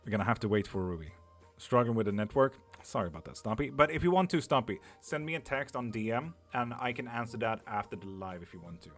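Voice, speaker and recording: A man's voice: mid-range voice, expressive, quick pace, fairly bright tone, soft background music. A man, a tarot reader hosting a live stream, chatting loosely with viewers, swearing and laughing often.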